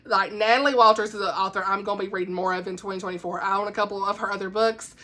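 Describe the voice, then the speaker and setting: A woman giving a casual, chatty book review at home, animated and laughing, with dramatic asides. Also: mid-range voice, racing.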